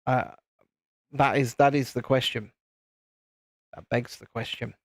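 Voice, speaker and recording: A man's voice: mid-range voice, steady tone, a little slow, vocal fry, dry recording, clean studio sound. A British man casually chatting and rambling with jokes while hosting a live building stream. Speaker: livestream host.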